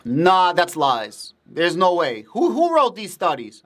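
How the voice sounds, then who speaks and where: A man's voice: a little high, big pitch swings, measured pace, fairly bright tone. A man for whom Russian is a first language, hosting a casual livestream, answering viewer comments in a blunt, profane and emphatic way. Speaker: livestream host.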